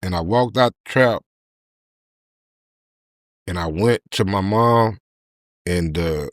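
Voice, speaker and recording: A man, a podcast guest telling a candid personal story in an emotional, halting way with many repeated words. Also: low voice, no echo, studio quality.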